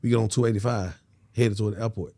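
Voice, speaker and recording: A man's voice: lowish voice, quick pace. A man, a podcast guest telling a story in casual slang and acting out every voice. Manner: animated, slangy, acts out every voice.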